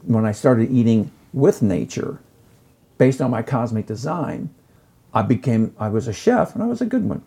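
A gravelly middle-aged man talks in an effusive, animated way, like a chef telling stories in casual conversation. His voice is dark and a little husky. He sounds lively, and he swings up in pitch when he gets excited. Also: moderate pace. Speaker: guest, chef and lecturer.

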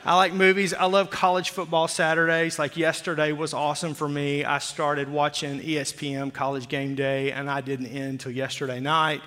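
A man in his forties from Oklahoma, a pastor preaching a sermon with jokey, animated storytelling. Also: on the high side, normal speed, hardly any pauses. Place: church sanctuary. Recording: long hall reverb.

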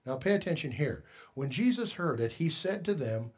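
A man preaching a sermon, emphatic, asking the congregation rhetorical questions and swinging between hushed and loud delivery. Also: a little high, very animated, moderate pace, slightly rough.

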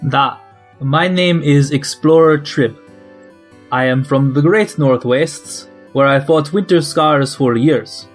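A man plays a proud, gruff explorer from the icy north, speaking. He talks slowly and weightily in a tabletop game, with faint music behind. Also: medium pitch. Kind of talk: tabletop role-play with music.

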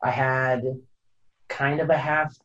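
A man's voice: mid-range voice, flat delivery, takes it slowly, a bit bright. A man from California, chatting casually as a podcast guest, rambling and hesitant with many fillers and restarts. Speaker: podcast guest, photographer and climber. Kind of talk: casual interview chat. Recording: dull lo-fi sound.

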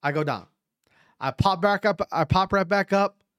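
A man's voice: high-pitched, moderate pace, dry recording, studio quality. A man casually recounting his own fight, stammering and restarting often, swearing freely and acting out what others said. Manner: animated, frequent restarts and stammers, acts out quotes. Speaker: amateur fighter recounting a bout. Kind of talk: casual storytelling.

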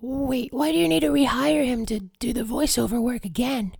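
A woman's voice: high-pitched, steady tone, normal speed, vocal fry, darkish tone, husky, dry recording. A woman co-hosting a radio show, teasing her partner in dry, curt comic banter. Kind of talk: deadpan comedic radio banter.

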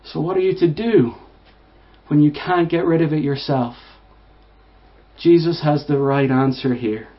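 A man preaching a sermon to listeners, repeating words, swelling to emphatic peaks and falling to hushed, low phrases. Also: unhurried, long pauses. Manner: repeats and restarts words, rising to emphatic bursts. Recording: dull lo-fi sound.

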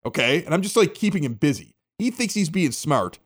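A man's voice: fairly quick, slightly rough. A middle-aged man from the Chicago area hosting a local podcast, telling a story casually and acting out the quotes. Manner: animated, acts out quotes with big pitch jumps. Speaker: podcast host.

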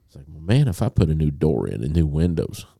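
Deep gravelly guy spinning a story on a podcast, dark dry sound. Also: fairly quick, no echo. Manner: animated storyteller, acts out a phone call. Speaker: podcast co-host. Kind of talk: casual storytelling chat.

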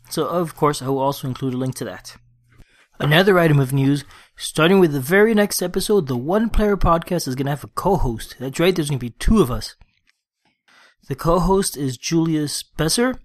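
A man hosting a solo gaming podcast, chatting casually and then reading a war story aloud in his own plain voice. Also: mid-range voice. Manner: conversational, quick restarts, reads report plainly without accents. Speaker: podcast host. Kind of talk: casual podcast talk and read-aloud session report.

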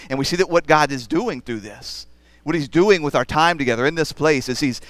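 A man's voice: medium pitch, a bit bright, clear, resonant tone, no room sound. A man preaching a sermon as the pastor, earnest and rising to emphatic passages.

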